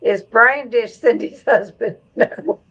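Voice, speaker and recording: A woman's voice: a little high, slow pace, a bit bright, breathy edge, dull audio. A middle-aged woman hosting a live stream in casual chat, reading viewer comments aloud and laughing along.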